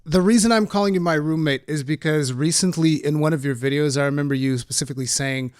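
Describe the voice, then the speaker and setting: Joking male host, slightly higher voice. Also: fast talker, darkish tone, smooth, no room sound, studio quality. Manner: friendly, laughs easily, joking. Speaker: host, content creator. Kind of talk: casual interview.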